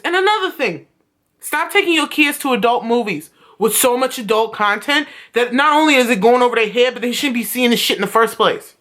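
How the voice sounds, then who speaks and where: A woman's voice: a little high, animated, fast talker, fairly bright tone. A young woman vlogging at home, telling stories in a blunt, profane rant. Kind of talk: casual vlog rant.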